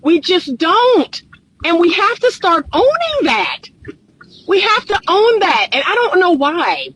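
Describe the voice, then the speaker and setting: A woman's voice: very high voice, very animated, takes it slowly, fairly bright tone, a little hiss or hum. A woman relationship coach, giving an emphatic live-streamed talk and repeating her points for emphasis. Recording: dry close phone mic.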